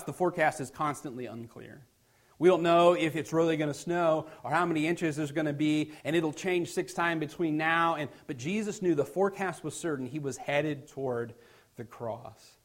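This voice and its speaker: A man preaching a sermon as pastor, reading scripture aloud with rising emphasis and explaining it in a conversational tone. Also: on the high side.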